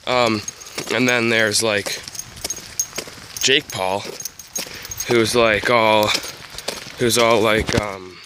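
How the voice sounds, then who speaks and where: A man's voice: mid-range voice, steady tone, takes it slowly, pauses often. A teenage boy talking casually to his camera, rambling with lots of ums and small laughs. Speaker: vlogger. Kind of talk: casual vlog talk to camera. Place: home, then outdoors by a road in heavy rain. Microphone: handheld camera. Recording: noisy outdoor recording with wind and rain. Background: wind and rain.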